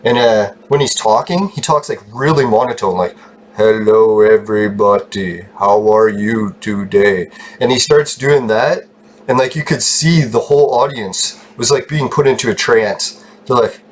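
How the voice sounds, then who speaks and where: A man telling a long rambling story in a casual vlog, swearing freely, getting excited and laughing often. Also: medium pitch, normal speed, slightly rough. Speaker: channel host telling a story.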